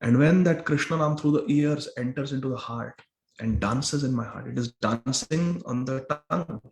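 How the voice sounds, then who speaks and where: A man's voice: mid-range voice, normal speed, gravelly. A man giving a scripture class sermon in a temple hall, explaining a verse word by word and repeating phrases for emphasis. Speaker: temple lecturer. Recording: roomy echo of a hall.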